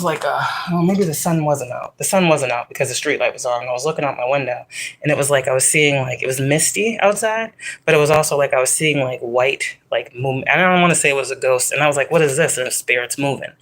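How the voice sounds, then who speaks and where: A woman talks through a spiritual tarot reading in a bright, forceful voice. She rambles and swears freely. She stresses her points with loose, emphatic repetition. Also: very deep voice, low-quality recording. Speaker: psychic tarot reader. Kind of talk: casual spiritual reading to viewers.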